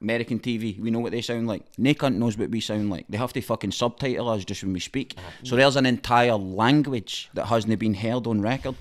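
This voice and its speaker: A man's voice: medium pitch, fairly quick, hardly any pauses. A Scottish man hosting a podcast, talking bluntly and emphatically, with plenty of swearing. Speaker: podcast host. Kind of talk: casual chat.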